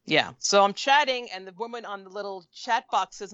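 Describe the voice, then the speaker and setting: A woman telling a comic story in casual chat, animated and swearing, acting out the voices of people she quotes. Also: mid-range voice, normal speed, clean tone, no echo, highs cut off.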